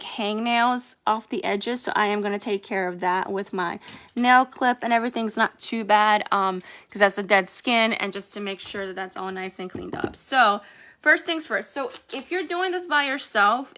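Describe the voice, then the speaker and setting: A woman walks through a home nail-care tutorial in a casual, chatty way, rambling a little and filling gaps with "um" and "like." Her medium-pitched voice is bright and forceful, and she keeps a measured pace.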